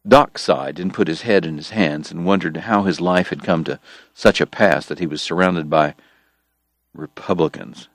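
A man reading a story aloud in a measured storytelling manner, voicing the characters. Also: low-pitched, no room sound, studio quality. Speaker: audiobook narrator. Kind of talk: scripted narration.

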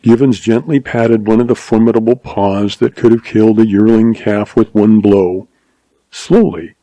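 A man reading a story aloud in measured, scripted narration. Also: on the low side, dark tone, no echo, low-quality recording. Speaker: audiobook narrator.

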